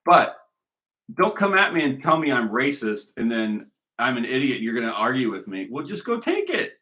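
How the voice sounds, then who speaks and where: A man's voice: mid-range voice, normal speed, sharp tone. A man giving a rambling, argumentative monologue, talking emphatically and repeating himself. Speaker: commentator.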